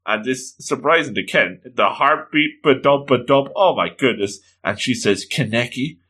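A man reading a comic book aloud, with animated, laughing comic asides and exclamations. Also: mid-range voice, moderate pace, husky. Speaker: reader and commentator. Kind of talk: comedic comic-book read-along.

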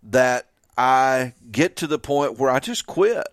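A man's voice: mid-range voice, lively intonation, slow pace, dry recording. Male podcast guest, mid-range, thoughtful and reflective, repeats words mid-thought, dry close mic. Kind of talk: casual podcast chat.

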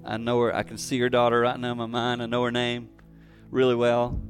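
Earnest middle-aged man preaching over soft music. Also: mid-range voice, monotone, fairly quick. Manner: earnest, emphatic repetition. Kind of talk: sermon with personal story and closing prayer.

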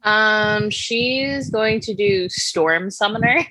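A woman's voice: medium pitch, takes it slowly, bright, forceful tone, rough recording. A woman playing a tabletop game, chatty and full of fillers, giggling as she describes things. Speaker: player. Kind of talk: casual tabletop game chat.

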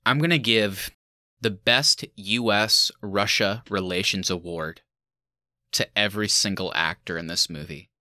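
A man's voice: on the low side, measured pace, pushed and bright, no room sound, studio quality. A man co-hosting a movie review podcast in casual chat, with sarcastic mock speeches and frequent laughter. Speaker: podcast co-host.

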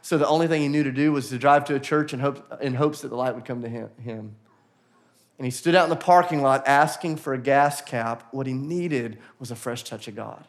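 A man preaching a sermon to a church congregation, earnest and building to animated emphasis, with quick acted-out asides. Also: mid-range voice. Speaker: pastor. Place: church auditorium.

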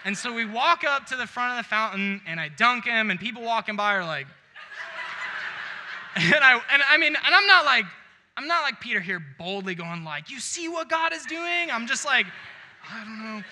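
A man's voice: high voice, expressive, normal speed, sharp tone. A young man preaching a sermon, telling a story with acted-out quotes and laughing along. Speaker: pastor. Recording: long hall reverb.

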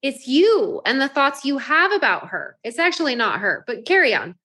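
High, animated woman coaching a group. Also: moderate pace, husky. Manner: lively storytelling, acts out her own thoughts. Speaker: life coach.

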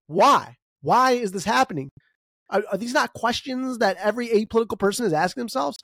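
A podcast host ranting through an opinionated solo monologue, voice leaping up and down in pitch and racing ahead in quick bursts. The delivery is emphatic and full of rhetorical questions. The recording is close and dry, with no room sound. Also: animated, fairly bright tone, no echo. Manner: wide pitch swings, bursts of speed.

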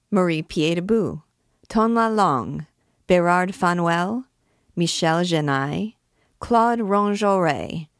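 A woman's voice: fairly low pitch, dry recording. A woman voices a rowdy king of beggars in a storybook reading. He bellows and jeers, hawking his prisoner like an auctioneer. The sound is close and dry. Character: boisterous male vagabond king, loud and mocking.

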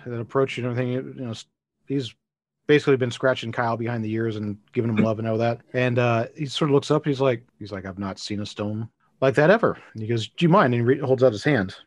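A man narrating a tabletop role-playing game as game master, quick and rambling with restarts. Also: mid-range voice, steady tone, no echo.

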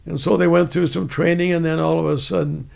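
A man's voice: on the high side, fairly even intonation, a little fast, gravelly, darkish tone. An older man casually telling a rambling, chuckling anecdote from his army days. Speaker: veteran storyteller.

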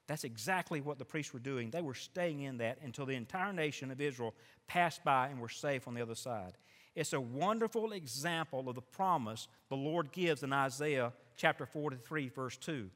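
A man preaching a sermon, animated, building to loud emphatic passages. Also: fairly high pitch, brisk. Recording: long hall reverb.

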